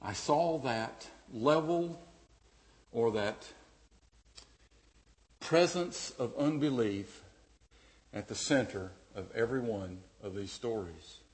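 A man preaching a sermon as pastor, dynamic, dropping to a hush and then rising loud and emphatic. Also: mid-range voice, slow, pauses often.

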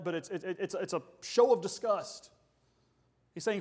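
A man's voice: high voice, steady tone, fast talker, a little mellow. A man preaching a sermon as pastor, emphatic and full of rhetorical questions.

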